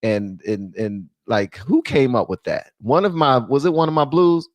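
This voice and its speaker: A man's voice: medium pitch, normal speed, dry recording. A man hosting his own commentary show, ranting bluntly and profanely and calling out his viewers. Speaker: host.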